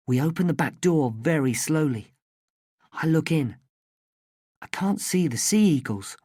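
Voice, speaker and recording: Slow, careful woman narrating a story. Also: low-pitched, darkish tone, dry recording, clean studio sound. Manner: clear, careful, evenly paced first-person telling.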